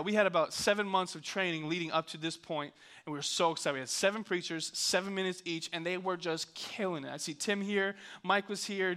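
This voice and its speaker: A young man, a youth pastor, telling a funny story in an energetic, joking sermon. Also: high voice. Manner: hyped, joking, animated storyteller.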